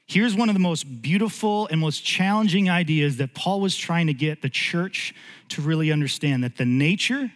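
A man in his thirties preaching to a congregation, his slightly high voice carrying a long reverberant tail through the hall. He tells stories with lively energy, then sinks into a low, slow, earnest delivery for the spiritual point. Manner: animated storytelling, voice jumps high for acted quotes, drops low and slow when earnest. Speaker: pastor. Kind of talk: sermon. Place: church sanctuary.

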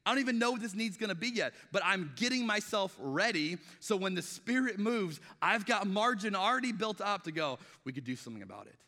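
Middle-aged male pastor, bright forceful delivery, chatty sermon style, echoing church hall. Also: sits high, a little fast, few pauses. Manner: conversational, acts out quoted dialogue, frequent restarts. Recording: long reverb of a large hall.

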